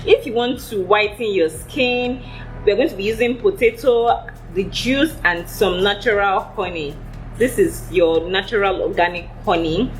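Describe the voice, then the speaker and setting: A woman vlogger walking viewers through a homemade skincare recipe in a steady, instructive tone. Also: medium pitch, measured pace, soft background music, low-quality recording. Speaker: beauty vlogger.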